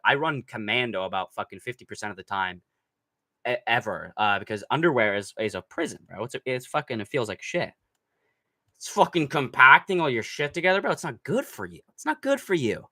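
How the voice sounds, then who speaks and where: A young man hosting a live stream, reading chat aloud in a brash, profane, mocking way and breaking into shouts. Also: mid-range voice. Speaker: livestream host reading chat. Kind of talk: casual livestream chat.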